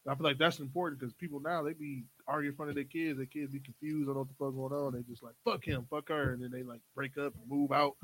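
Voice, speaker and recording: A man's voice: medium pitch, level tone, fast talker, a bit bright, slightly rough, low-quality recording. A young man, co-hosting a casual podcast chat, loose and profane, telling stories with quoted asides. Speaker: podcast co-host.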